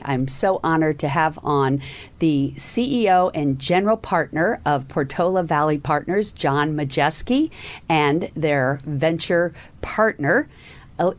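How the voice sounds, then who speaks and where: Upbeat podcast hostess, Southern lilt. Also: female voice, fairly low pitch. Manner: effusive, upbeat, with fillers. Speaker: podcast host. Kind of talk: enthusiastic interview hosting.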